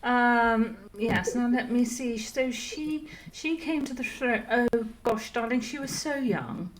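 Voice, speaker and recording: A woman's voice: a little high, takes it slowly, slight background noise, low-quality recording. A woman voicing a posh upper-class English lady socialite, with a put-on posh English accent, theatrical and gushing, calling everyone darling. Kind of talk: improvised role-play.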